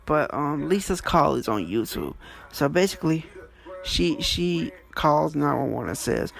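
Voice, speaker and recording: A man telling stories in a casual monologue, blunt and swearing freely, with soft music behind him. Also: expressive, a little slow, creaky. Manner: blunt, swears freely, wide swings in pitch. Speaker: storytelling vlogger.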